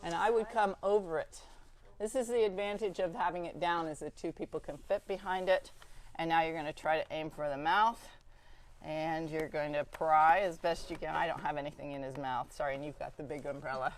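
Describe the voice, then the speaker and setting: A woman instructor leading a hands-on training demonstration, brisk and practical, often checking in with "okay?". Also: sits low, steady tone.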